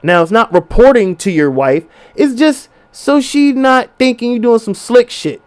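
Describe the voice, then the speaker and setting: High-voiced young man ranting casually. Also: expressive, normal speed. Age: 20s. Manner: profane, blunt, advice-giving. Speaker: podcast host. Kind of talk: casual podcast rant.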